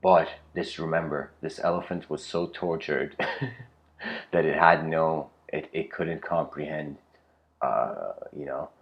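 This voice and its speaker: A man giving a spiritual lecture in a casual, rambling storytelling way, full of "you know" and "like", slowing down to stress key points. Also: rumbling low, steady tone, lo-fi sound.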